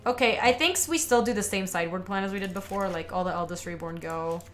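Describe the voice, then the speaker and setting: A woman's voice: fairly low pitch, fast talker, faint music behind. A young woman giving casual commentary on a card game, chatting with viewers as she plays. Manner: chatty, talks to viewers and chat while playing. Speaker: streamer playing a card game.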